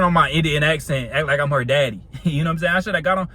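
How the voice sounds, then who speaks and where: A man's voice: fairly high pitch, animated, fast talker, hardly any pauses, sharp tone, slightly rough. Laid-back young man telling a story. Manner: laid-back, slangy, laughs between lines. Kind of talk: casual storytime monologue.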